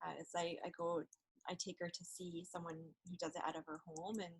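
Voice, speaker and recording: A woman hosting a casual interview, speaking softly with many fillers and restarts. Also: fairly low pitch, level tone, brisk, breathy edge, no echo, rough recording. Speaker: host. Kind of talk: casual video-call interview chat.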